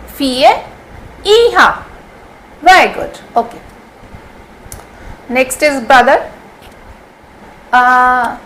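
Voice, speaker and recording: Woman, Hindi speaker, patient vocabulary teacher, high-pitched, unhurried drill style. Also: a bit bright, a little hiss or hum, low-quality recording. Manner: patient, repeats each word slowly several times. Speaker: language teacher. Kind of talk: vocabulary lesson.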